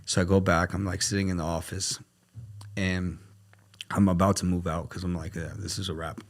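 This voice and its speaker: A man talking as a podcast guest in casual storytelling, animated and acting out the dialogue he quotes. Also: sits low, normal speed. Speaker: podcast guest, luxury car dealer.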